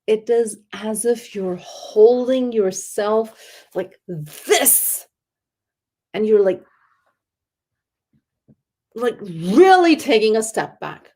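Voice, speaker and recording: A woman speaking at a parenting conference in an animated, earnest teaching tone. By her own account she is loud and excitable. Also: on the high side, takes it slowly, long pauses. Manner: earnest, teaching tone with faith terms. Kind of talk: conference talk.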